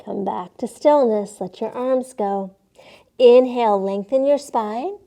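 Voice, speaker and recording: A woman with a slightly high voice leads children through yoga poses at an unhurried, calm pace. She talks gently and playfully, coaxing the little ones along and sometimes roaring or meowing with them. She sounds like a young adult. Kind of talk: guided kids' yoga instruction.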